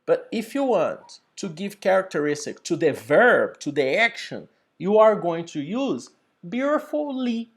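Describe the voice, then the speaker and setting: A man teaching an English lesson over a video call, slow and deliberate, building up example sentences. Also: high-pitched, sing-song.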